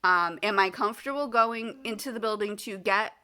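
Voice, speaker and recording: A woman's voice: mid-range voice, moderate pace, bright, forceful tone. A woman vlogger from the United States in casual chat to the camera, rambling with many fillers and acting out the people in her story with exasperation.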